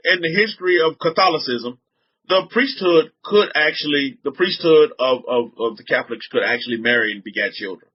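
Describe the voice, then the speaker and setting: A fairly high-pitched male voice with a breathy edge comes through audio with the highs cut off. The Southern US speaker is a religious teacher talking informally to a group, repeating himself, frequently starting over, and throwing rhetorical questions at his listeners.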